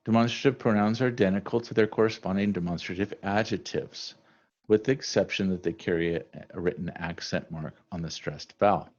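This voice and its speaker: Deep-voiced man teaching from slides. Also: brisk. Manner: relaxed, conversational, with many fillers. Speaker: Spanish teacher. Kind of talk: recorded slide lecture. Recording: dull lo-fi recording.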